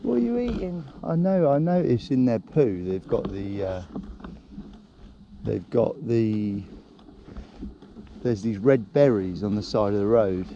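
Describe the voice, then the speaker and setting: A man filming his own bike-touring vlog outdoors, chatting in a casual, excitable and rambling way. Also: lowish voice, takes it slowly, long pauses, lo-fi sound. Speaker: touring cyclist vlogger. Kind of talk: casual self-filmed travel chat. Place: outdoors by a rainy roadside. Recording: noisy outdoor camera audio.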